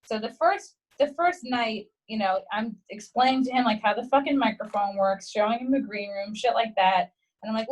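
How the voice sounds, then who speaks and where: In a low-quality recording, a young adult woman appearing as a guest comedian on a casual podcast tells a story at normal speed. Her voice is fairly high, and she swears freely and animatedly acts out quotes.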